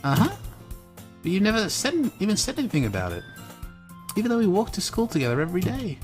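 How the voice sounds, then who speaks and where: A man's voice: high-pitched, wildly swooping pitch, fast, faint music behind, pitched above the performer's own voice. A man voicing a bubbly, carefree teenage girl with an eager, sing-song manner in a live reading of a visual novel. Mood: cheerful.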